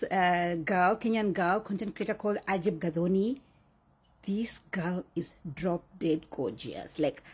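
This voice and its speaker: Husky woman giving earnest advice. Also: medium pitch, darkish tone. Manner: earnest, repeating points for emphasis. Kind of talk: casual opinion monologue.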